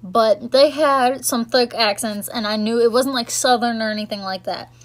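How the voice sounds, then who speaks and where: Young girl rambling to camera, lots of likes and ums, kinda high voice. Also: normal speed. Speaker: vlogger. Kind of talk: casual chat recapping the year.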